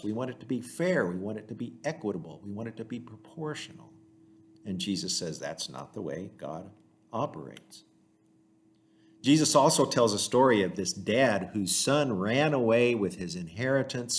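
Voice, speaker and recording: A man leading a small group Bible study, retelling parables in a relaxed, conversational way. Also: on the low side. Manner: conversational storytelling, retells parables in everyday terms. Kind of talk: casual devotional teaching.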